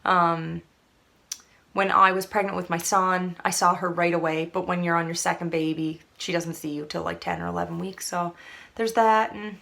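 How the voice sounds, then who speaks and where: A woman's voice: on the low side, flat delivery, moderate pace, creaky, bright, forceful tone. A young woman from Canada, chatting to camera in a rambling, casual way full of fillers. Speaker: vlogger.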